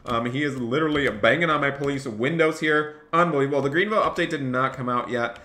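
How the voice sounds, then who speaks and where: A man's voice: mid-range voice, fast talker, hardly any pauses, pushed and bright. A man streaming a game live, cheerfully thanking donors and barking mock police orders as he role-plays a cop. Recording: echoey room, faint noise.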